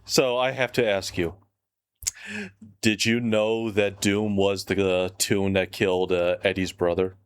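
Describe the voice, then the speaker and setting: A man co-hosting a podcast, asking questions in relaxed casual chat. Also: low voice, unhurried, clear, resonant tone, no echo. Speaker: podcast co-host.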